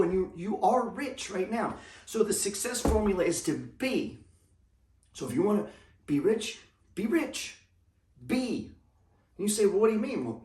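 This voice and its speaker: A man's voice: sits high, darkish tone, far from the mic. A man giving a blunt, slangy motivational monologue as a money coach, emphatic and repetitive. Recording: echoey room, voice off the mic.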